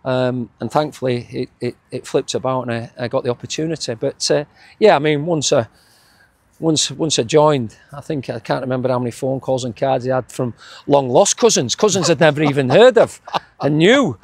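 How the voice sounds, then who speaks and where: Husky Yorkshire man reminiscing. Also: medium pitch, brisk, a little mellow, no room sound. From England. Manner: rambling, many restarts and chuckles. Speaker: former footballer guest. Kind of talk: casual reminiscing interview.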